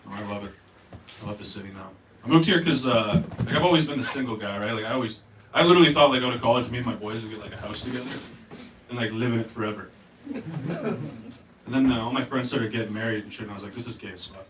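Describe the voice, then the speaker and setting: A man's voice: medium pitch, fast talker, fairly bright tone, a little hiss or hum. A young Canadian man from Northern Ontario doing a crude, casual stand-up comedy set and chatting with the crowd. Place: comedy club stage. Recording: roomy club sound from a distance. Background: audience laughter.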